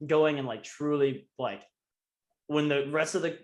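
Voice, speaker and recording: A man's voice: on the high side, measured pace, echoey room. A young man chatting casually on a podcast, rambling with many fillers and restarts. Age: young adult. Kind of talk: casual chat.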